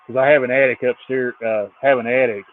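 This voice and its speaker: Man, guest on a call, tinny phone-like sound, dry humor, relaxed. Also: mid-range voice, fairly quick, slight background noise. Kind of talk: casual chat.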